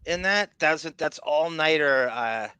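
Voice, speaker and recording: Excitable bright-voiced podcast co-host, man. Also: on the high side, a little slow, clear, resonant tone, no echo. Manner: excitable, rambling, self-interrupting. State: raspy. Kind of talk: casual chat.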